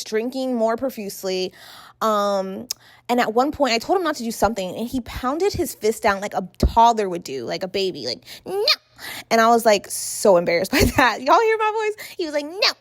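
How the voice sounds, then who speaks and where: A woman's voice: a little high, no room sound, studio quality. A young woman telling a chatty storytime vlog, talking straight to her viewers and acting out what people said. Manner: chatty, addresses viewers as y'all, acts out quotes. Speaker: vlogger. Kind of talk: storytime vlog while getting ready.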